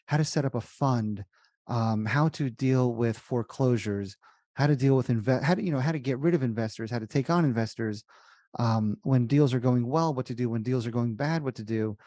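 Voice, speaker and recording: A man speaking at an ordinary, middle pitch as a guest on an interview podcast. He talks casually and tells lively stories, acting out each exchange. The recording is dry and close, with no room sound. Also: moderate pace, no room sound. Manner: lively storyteller who acts out dialogue. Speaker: guest, real estate investor.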